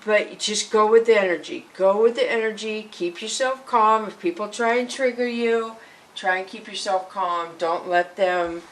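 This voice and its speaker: A woman's voice: mid-range voice, low-quality recording. A woman giving a casual tarot card reading, talking earnestly to her viewers and reading card texts aloud. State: emotional, fighting tears at times. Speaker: tarot reader.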